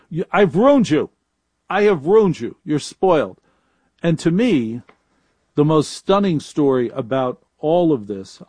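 A man hosting a live call-in talk radio show, talking in a chatty, wry way. His voice is mellow and warm, recorded close and dry with no room sound. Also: mid-range voice, no echo. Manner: chatty, wry, repeats phone numbers. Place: home studio in a laundry room.

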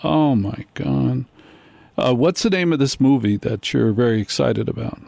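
Animated male radio host with dry sound. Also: medium pitch, normal speed, creaky, no room sound. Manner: animated storytelling, acts out quoted people. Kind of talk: comedic radio monologue.

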